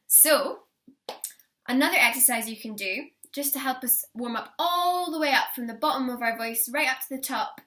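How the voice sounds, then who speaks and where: A young woman teaching a singing lesson, encouraging her students and demonstrating warm-up lines for them to copy. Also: sits high, normal speed.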